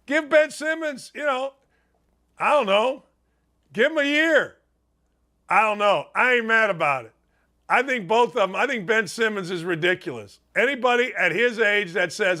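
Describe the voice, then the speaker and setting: An older man from Indiana hosting a sports talk show, his voice high and bright. He talks in an emphatic, folksy way and keeps wandering off on tangents. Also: moderate pace. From Gary, Indiana.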